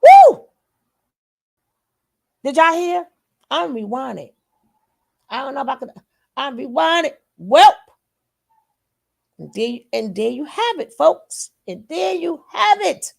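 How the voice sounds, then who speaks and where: A woman's voice: high-pitched, very animated, a little slow, gravelly, pauses often. A woman giving reaction commentary on a video clip, replaying it and repeating key quotes back with emphasis.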